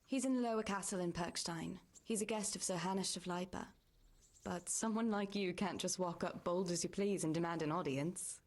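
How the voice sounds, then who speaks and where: An actress voicing a young village woman in a video game, caring and practical, with a gentle, often hushed way of speaking. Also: on the low side, normal speed, close to an everyday voice. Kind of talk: game voice acting.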